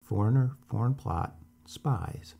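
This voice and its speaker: A man's voice: fairly low pitch, expressive, slow pace, creaky, warm tone, breathy edge, exaggerated voice. A man voicing an anxious, ordinary middle-aged office man with a tenor voice and a tense, flustered way of talking, in a read-aloud story.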